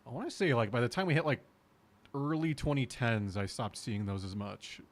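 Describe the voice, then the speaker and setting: A man's voice: mid-range voice, moderate pace. Laid-back young male streamer. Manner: laid-back, excitable, laughs easily. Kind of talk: casual live-stream chat.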